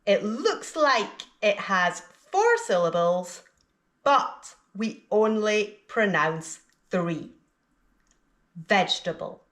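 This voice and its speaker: A woman teaching English pronunciation, speaking slowly and deliberately and enunciating each word carefully so learners can repeat it. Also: medium pitch, a bit bright. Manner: clear, careful enunciation of single words. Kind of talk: slow, deliberate teaching with pauses for repetition.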